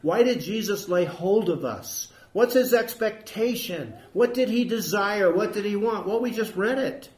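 A man's voice: sits high, expressive, a little slow, few pauses. A male pastor preaching a sermon, quoting scripture with emphasis and asking the congregation rhetorical questions.

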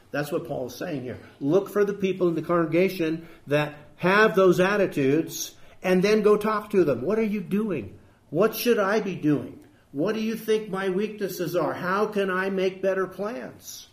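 A male pastor preaching a sermon, quoting scripture with emphasis and asking the congregation rhetorical questions. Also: high voice.

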